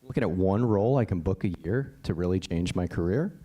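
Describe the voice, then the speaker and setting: A voice actor from Connecticut, USA, tells stories on a panel in a casual, blunt, emphatic way, swearing now and then and often asking "right?". His low voice is animated and fairly quick. The audio sounds dull.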